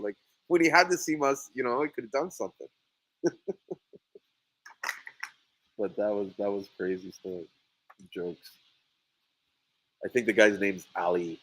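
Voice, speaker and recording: A man's voice: mid-range voice, measured pace, pauses often, no echo, poor audio. A man in casual storytelling mode, full of energy, his voice jumping up sharply whenever he acts out what someone said. He laughs a lot as he talks. The sound is dry and close. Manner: animated storyteller, voices quotes loudly, laughs often. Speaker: sea moss farmer and podcast host.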